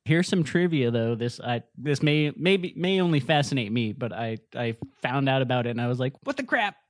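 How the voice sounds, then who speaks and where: A man's voice: medium pitch, moderate pace, no echo, clean studio sound. A man co-hosting a podcast, chatting with enthusiasm and lots of fillers and restarts. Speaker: podcast co-host. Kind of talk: casual chat.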